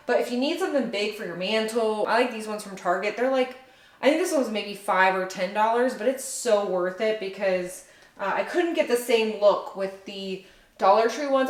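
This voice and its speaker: Chatty woman decorating in a roomy room. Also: mid-range voice. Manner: chatty, upbeat, thinks aloud while working. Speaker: home decor vlogger. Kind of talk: casual decorating vlog chat. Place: home living room by a fireplace.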